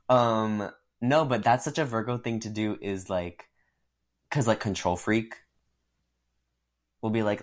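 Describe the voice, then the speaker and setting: Animated young man telling work stories. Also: unhurried, long pauses. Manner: animated storytelling, jumps into high-pitched voices for quotes; laughs often. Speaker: podcast co-host. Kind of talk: casual chat.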